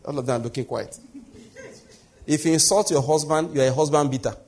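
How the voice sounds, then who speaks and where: Husky-voiced man preaching a sermon. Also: fairly high pitch, brisk, darkish tone. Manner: conversational preaching, rhetorical questions. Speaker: pastor.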